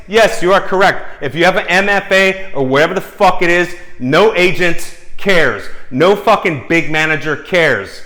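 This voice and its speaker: A man's voice: a little high, expressive, unhurried, hardly any pauses, pushed and bright. A man ranting angrily at a critic to camera, swearing constantly and mocking him, often tagging lines with "okay?" and "dude.". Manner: heated, profane, mocking, repeats "okay?" and "dude". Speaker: screenwriter and video host. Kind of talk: angry profane rant to camera.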